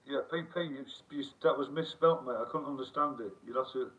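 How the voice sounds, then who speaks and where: A man's voice: medium pitch, brisk. A middle-aged man hosts a loose, rambling live stream, reading out comments and swearing freely. His voice comes through thin and phone-like. He sounds set back from the microphone. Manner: rambling, chatty, swears freely, reads chat aloud. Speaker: livestream host. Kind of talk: casual live-stream chat. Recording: tinny phone-like sound, distant from the mic.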